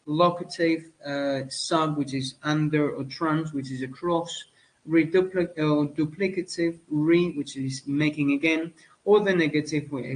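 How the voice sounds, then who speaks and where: Hesitant male teacher, slightly higher voice, frequent fillers. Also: poor audio. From Spain. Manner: hesitant, many fillers and self-corrections. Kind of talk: spoken lecture.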